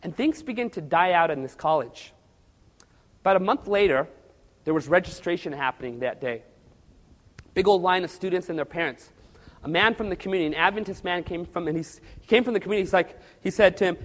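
A male preacher telling a story in a sermon, animated and acting out the quoted speech. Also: sits high, a little fast. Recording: long hall reverb.

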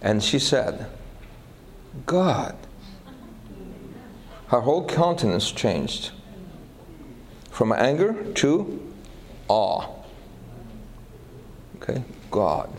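A man's voice: mid-range voice, takes it slowly, long pauses, slight background noise, low-quality recording. A male pastor preaching a sermon, telling a story and checking in with the audience through questions. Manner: animated, asks the audience questions.

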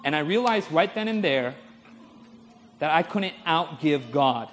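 A man's voice: a little high, unhurried, slight background noise. A man preacher telling stories in a sermon and calling for amens from the congregation. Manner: storytelling, animated, asks audience for amens. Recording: long hall reverb.

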